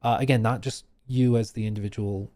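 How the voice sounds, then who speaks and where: A man's voice: fairly low pitch, steady tone, brisk, a little mellow. A man streaming live, ranting through reaction commentary with emphatic repetition. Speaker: streamer and host.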